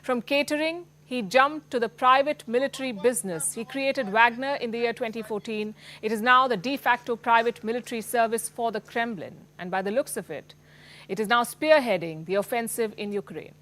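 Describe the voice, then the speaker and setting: Female Indian news anchor, scripted, emphatic, slightly higher voice. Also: fairly quick, a bit bright. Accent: Indian English. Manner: emphatic, pointed delivery.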